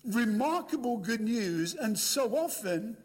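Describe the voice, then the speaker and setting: A man's voice: very high-pitched, expressive, slow. An older British man preaching a storytelling sermon, chatty and humorous, talking straight to a live audience. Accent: British English. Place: large hall with a live audience. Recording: echoey hall.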